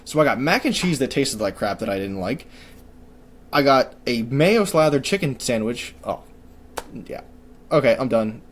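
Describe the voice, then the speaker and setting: A young adult man co-hosting a podcast, telling a story in a lively, ranting way. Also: medium pitch, normal speed, a little hiss or hum. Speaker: podcast co-host. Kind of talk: casual podcast chat.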